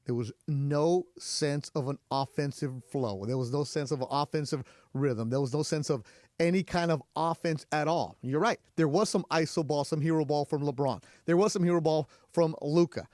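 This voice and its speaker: A man hosts a sports radio show from the studio. His voice sits a little on the high side, and he drives his points with punchy rhetorical questions. The sound is close and dry with no room around it. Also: moderate pace, a little mellow, dry recording. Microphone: studio microphone.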